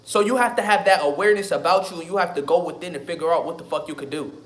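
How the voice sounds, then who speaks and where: A man's voice: fairly high pitch, very fast, a bit bright. A man, talking casually and emphatically on a live stream, profane and repetitive. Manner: emphatic, profane, repeats himself. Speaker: livestream host. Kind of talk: casual livestream talk.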